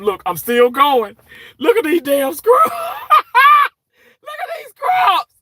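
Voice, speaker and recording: A man's voice: on the high side, sharp tone, no room sound. A man hosting a casual livestream, reading out viewer comments and greeting them by name in a chatty, rambling way with lots of fillers. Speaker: livestream host. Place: hospital workplace.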